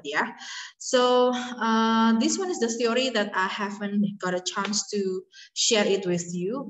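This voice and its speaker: Woman lecturing, distant mic. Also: mid-range voice. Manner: hesitant, many fillers, switches into Indonesian. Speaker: university lecturer. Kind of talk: online lecture on poetry.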